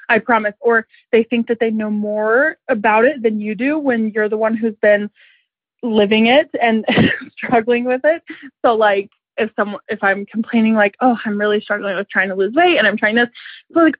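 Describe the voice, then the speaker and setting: A woman's voice: on the high side, steady tone, normal speed, dry recording. A woman from Utah leaving a casual voicemail, venting with sarcastic asides. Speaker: voicemail caller. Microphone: phone voicemail. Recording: tinny phone line.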